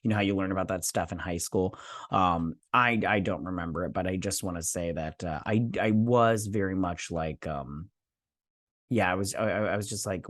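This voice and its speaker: Low-voiced man rambling through a review. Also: normal speed, no echo, clean studio sound. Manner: rambling, full of fillers and self-corrections; chatty, addresses viewers directly. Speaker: host of a TV review channel. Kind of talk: casual spoken episode review.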